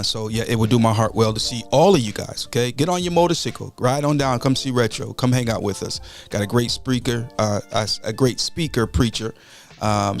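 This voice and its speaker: A man, hosting a casual morning show and greeting viewers by name. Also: mid-range voice. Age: 40s. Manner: animated, shouts out viewers by name. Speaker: host and pastor.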